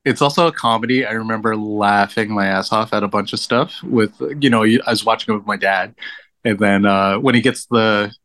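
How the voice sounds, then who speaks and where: A man's voice: lowish voice, steady tone, brisk, a bit bright. Rambling man chatting about movies. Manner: loose and rambling, many fillers. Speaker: podcast guest. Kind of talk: casual film chat.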